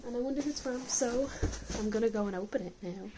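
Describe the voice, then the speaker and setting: A woman's voice: a little high, fast talker, background noise. Chatty woman filming a home video diary. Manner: chatty, candid, with frequent coughs. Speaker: vlogger. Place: indoors at home.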